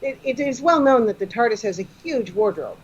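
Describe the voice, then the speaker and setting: A woman's voice: on the high side, lively intonation, brisk, slightly rough. A woman guesting on a comedy podcast, chatting eagerly and explaining fan trivia. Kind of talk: casual podcast chat. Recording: dull lo-fi sound with faint noise.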